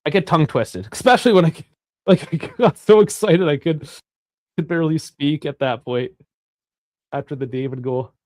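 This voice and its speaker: A young man hosting a live football watch-along, chatty and rambling, swearing freely and bursting into shouts at big chances. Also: fairly high pitch, moderate pace, no room sound, clean studio sound. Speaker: live stream host.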